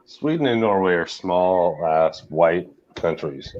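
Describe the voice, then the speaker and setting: A man argues bluntly and sarcastically during a casual live stream chat. His voice sits very low yet moves in lively swings. The audio is dull and muffled, like a lo-fi recording. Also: takes it slowly, a little hiss or hum.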